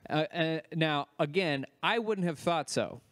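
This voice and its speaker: A man's voice: a little high, a little slow, a bit bright. A man co-hosting a comedy podcast, trading teasing wisecracks in casual banter. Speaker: podcast co-host.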